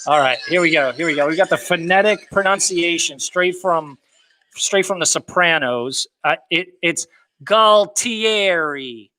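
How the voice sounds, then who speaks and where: A man's voice: on the high side, normal speed, sharp tone. A man hosting a casual livestream, hyped and boastful, talking in slang and answering viewer comments.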